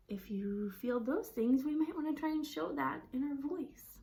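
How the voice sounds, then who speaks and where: A young adult woman speech-language pathologist, demonstrating expressive read-aloud with wide swings in her voice and friendly teacherly explanations. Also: moderate pace, vocal fry, few pauses. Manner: expressive storybook reading with wide pitch swings.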